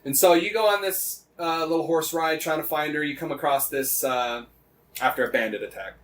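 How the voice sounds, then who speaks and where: A man's voice: a little high, a little fast, a bit bright, far from the mic, slight background noise, poor audio. Rambling, swearing man on a podcast. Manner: rambling, swears often, many fillers and restarts. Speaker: podcast co-host. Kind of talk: casual podcast chat retelling a game story.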